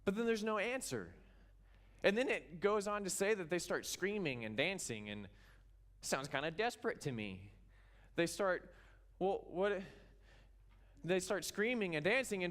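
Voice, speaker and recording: A pastor from Kansas preaching a sermon in church, retelling a scripture story with animated storytelling and acting out its characters. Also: male voice, sits high, a little slow.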